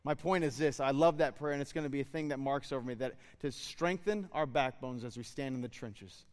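A man in his thirties giving a sermon as a pastor, relaxed and storytelling, then rising to fervent exhortation. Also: medium pitch, fairly quick, hardly any pauses, long reverb tail. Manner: conversational, building to fervent exhortation.

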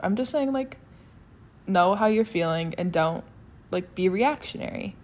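A woman's voice: lowish voice, unhurried, slight background noise. Sassy, chatty young woman. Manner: sassy, animated, lots of fillers and restarts. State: sweaty after activity. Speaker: vlogger. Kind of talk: casual talking-to-camera rant.

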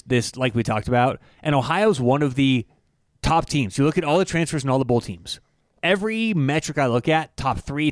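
A man co-hosting a sports betting podcast, talking in an animated, emphatic way and swearing casually. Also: medium pitch, no room sound, clean studio sound. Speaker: podcast co-host, sports bettor.

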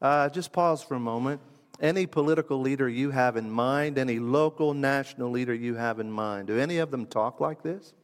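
Male preacher, slightly high voice, emphatic and repetitive, long hall echo. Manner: emphatic, builds through repeated phrases with deliberate pauses. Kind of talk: sermon.

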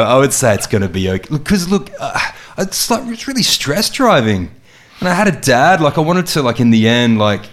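An Australian man in middle age speaks as a guest on a podcast. His storytelling is animated and expressive, punctuated by easy laughter. The delivery stays casual and conversational. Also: medium pitch.

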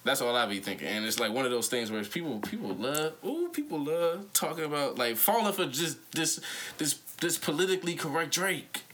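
A young man chatting casually on a podcast, animated and joking, full of slang and quick impressions. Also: on the high side. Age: young adult. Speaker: podcast host. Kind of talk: casual chat.

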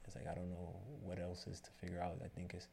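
A barbershop owner appearing as a guest tells a story in a casual interview, his voice low and gravelly and his pace fast. He rambles animatedly through the retelling, quoting dialogue along the way.

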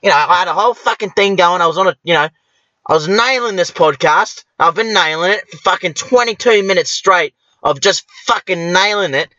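A man's voice: high voice, brisk, sharp tone, no room sound, lo-fi sound. A young man hosting a podcast, rambling and swearing constantly, now and then flaring into angry rants. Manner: foul-mouthed, rambling, flares into ranting. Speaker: podcast host. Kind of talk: crude comedic monologue.

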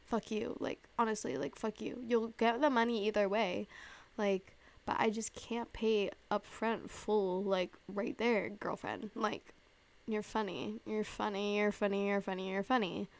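A woman in her twenties hosting a casual podcast. She tells a story with lots of "like" and swearing, acting out her own reactions in a voice that jumps up high. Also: unhurried. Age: 20s. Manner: animated storytelling, heavy use of "like" and swearing; acts out her own past reactions with big jumps in pitch. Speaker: podcast host. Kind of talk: casual chat.

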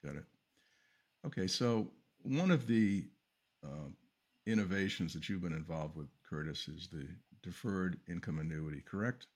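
A man hosting a podcast, asking slow, measured interview questions. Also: sits low, lively intonation, a little mellow, breathy edge. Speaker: podcast host.

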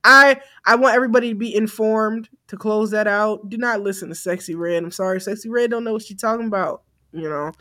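A young woman co-hosting a podcast, talking in a blunt, animated, profane way, often laughing. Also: medium pitch, fairly quick. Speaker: podcast co-host. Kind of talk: casual chat.

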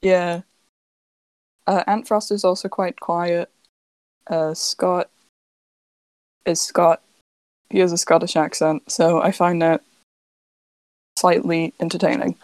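A young woman on a casual podcast, deadpan and rambling as she talks. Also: on the low side, slow, pauses often, no echo, low-quality recording. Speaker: podcast co-host. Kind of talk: casual chat.

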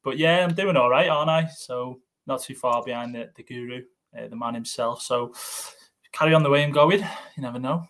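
Relaxed, self-mocking man. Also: mid-range voice, brisk. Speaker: podcast co-host. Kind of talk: casual fantasy football chat.

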